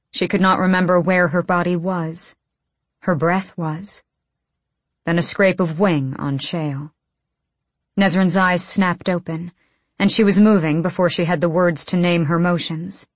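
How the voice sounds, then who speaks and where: A woman's voice: fairly low pitch, no echo. A woman reading an audiobook in tense, clipped bursts of phrasing. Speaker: audiobook narrator. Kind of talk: scripted audiobook narration.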